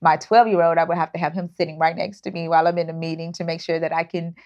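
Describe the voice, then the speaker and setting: A woman's voice: on the low side, flat delivery, fast talker, darkish tone. A woman, a startup founder speaking earnestly in an interview, with many fillers and restarts. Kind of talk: casual interview talk. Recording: dull lo-fi audio.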